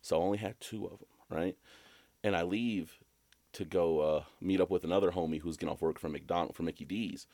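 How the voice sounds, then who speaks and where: A young man with a very deep voice tells a rambling, swear-filled story in casual podcast chat. When he quotes himself, his voice jumps high. The sound is dry and close to the mic. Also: steady tone, a little fast, mellow, dry recording. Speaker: podcast co-host.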